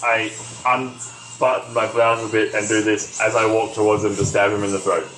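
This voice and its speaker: A man's voice: on the low side, flat delivery, moderate pace, a bit bright. A man playing a tabletop game, joking crudely about his character. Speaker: player. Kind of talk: casual tabletop game chat. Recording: echoey room, faint background noise.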